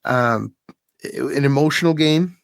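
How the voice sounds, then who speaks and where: A man hosting a podcast in casual chat, telling an animated story and laughing often. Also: on the high side, slow pace, creaky, no echo, studio quality. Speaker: podcast host.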